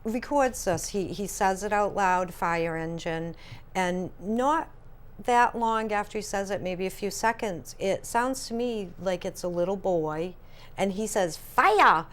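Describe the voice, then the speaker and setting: A woman co-hosting a casual paranormal chat, telling stories in a chatty, animated way. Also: medium pitch, a little slow, clear, resonant tone. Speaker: paranormal podcast co-host.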